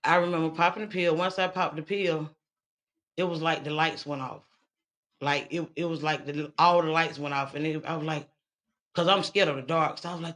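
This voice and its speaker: A woman's voice: low-pitched, fairly even intonation, normal speed, a bit bright. A woman guest telling her own survival story in a candid, blunt and profane way. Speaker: interview guest. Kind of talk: candid personal testimony.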